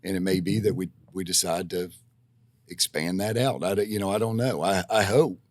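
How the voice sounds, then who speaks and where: A man's voice: low-pitched, moderate pace. A man, a physical therapist guest on a podcast, talking casually with many restarts and folksy stories. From Tennessee, USA. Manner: rambling, many restarts and fillers, folksy storytelling. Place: podcast studio.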